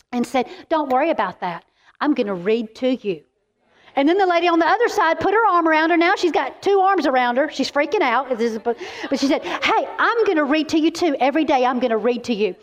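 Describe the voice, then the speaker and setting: A middle-aged woman, giving a keynote as animated, emphatic sermon-style storytelling. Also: fairly high pitch. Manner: animated and emphatic, quick asides. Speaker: keynote speaker. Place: large event venue.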